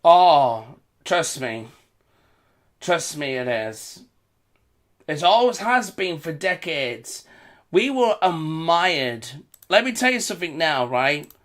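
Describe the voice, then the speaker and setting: A British man speaking slowly in a fairly high voice for a man. He rambles through a casual vlog commentary, repeating phrases and chuckling between remarks. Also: sing-song, fairly bright tone. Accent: British English. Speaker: vlogger.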